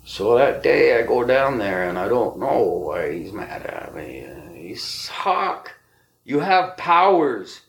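A man hosting a podcast, telling spiritual stories softly, often dropping to a whisper. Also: lowish voice, lively intonation, vocal fry, rough recording. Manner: slow, soft-spoken, often whispering. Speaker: podcast host. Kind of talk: spiritual storytelling.

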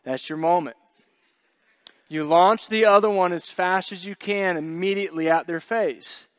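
A man's voice: sits high, a little slow, clear, resonant tone, no echo. Conversational male pastor preaching a sermon. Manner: conversational, joking asides, acts out quoted voices.

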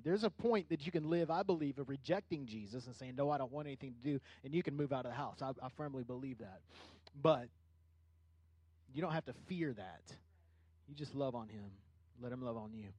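A middle-aged man preaching a conversational sermon as a pastor, building into animated bursts. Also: medium pitch, fairly quick, no echo.

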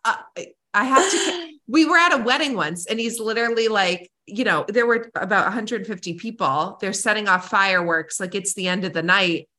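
A woman's voice: mid-range voice, brisk, hardly any pauses. A woman co-hosting a podcast in casual chat, telling stories and speaking in an encouraging way. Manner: warm, encouraging, animated storyteller. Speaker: podcast co-host.

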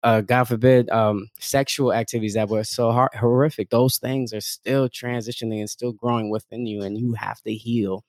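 A man talking in a loose, casual way, circling through thoughts with plenty of fillers. He slips into acted-out voices of other people and laughs along the way. His voice sits at a middling pitch and sounds dry and close, with no room around it. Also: moderate pace, hardly any pauses, no room sound. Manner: animated storytelling, acts out quoted voices, laughs often; frequent fillers like "like" and "um". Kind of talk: casual conversation.

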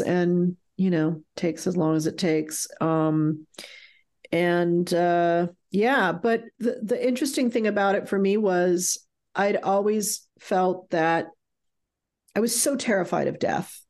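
A woman's voice: lowish voice, darkish tone. A middle-aged woman telling a frank, emotional personal story as an interview guest, swearing freely.

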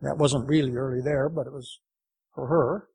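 A man's voice: medium pitch, steady tone, normal speed, creaky, a little mellow, slightly rough, poor audio. A male preacher giving an evangelistic sermon, telling an anecdote in an earnest, emphatic way.

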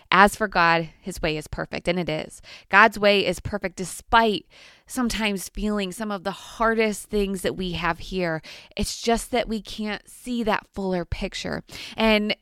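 A woman's voice: medium pitch, a bit bright, clean tone, no room sound, clean studio sound. A woman giving an earnest devotional Bible teaching, retelling stories with playful asides.

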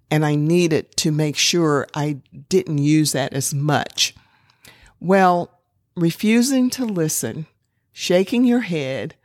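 A woman's voice: on the low side, a little mellow, dry recording, studio quality. A middle-aged woman giving an earnest talk to parents, acting out example phrases as she goes. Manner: earnest, quotes examples in acted tones. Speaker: parenting speaker.

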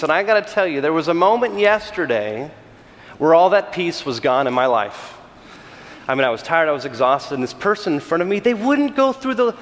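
A middle-aged man from California, a senior pastor giving a conversational sermon with animated, self-deprecating storytelling and frequent restarts. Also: high-pitched, big-room sound.

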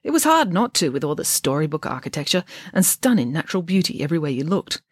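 A woman's voice: deep voice, big pitch swings, fast, husky, dry recording, clean studio sound. A woman reading her own children's novel aloud for a podcast, switching between voices for each character.

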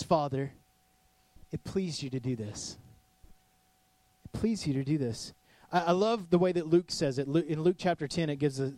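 A male pastor preaching a sermon in a casual, animated way, acting out voices in his stories. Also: a little high, dry recording. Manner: casual with many "like" fillers.

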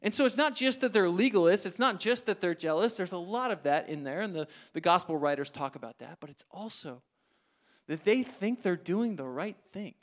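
A male pastor preaching a sermon, telling the story dramatically, swinging from loud emphasis to hushed asides. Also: high voice, animated, normal speed.

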